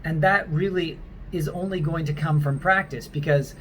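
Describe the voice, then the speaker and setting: Self-assured man teaching accents, slightly high voice. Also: moderate pace, fairly bright tone, slight background noise, poor audio. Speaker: acting coach. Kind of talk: to-camera acting lesson.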